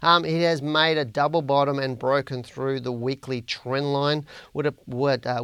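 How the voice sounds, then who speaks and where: A man's voice: medium pitch, a bit bright, clear, resonant tone, no echo. An Australian man hosting a share trading podcast, talking casually through stock charts and viewer questions, blunt and repetitive for emphasis. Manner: chatty and blunt, repeats words for emphasis.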